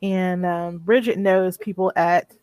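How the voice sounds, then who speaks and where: A woman co-hosting a casual movie review chat, retelling the plot in an animated way and laughing often. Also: fairly low pitch, slow, smooth, dry recording. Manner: animated storytelling with frequent laughter. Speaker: co-host of a movie review show.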